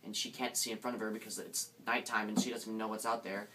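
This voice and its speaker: Young man telling a ghost story haltingly. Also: lowish voice, steady tone, bright, forceful tone. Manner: hesitant, many restarts, suspenseful. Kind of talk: casual spoken ghost story. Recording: distant mic, faint background noise.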